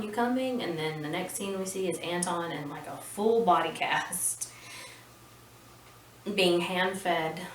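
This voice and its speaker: A woman hosting a casual movie recap, chatty and rambling, with opinionated asides. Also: on the low side. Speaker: podcast host recapping a film. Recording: roomy and distant with faint noise.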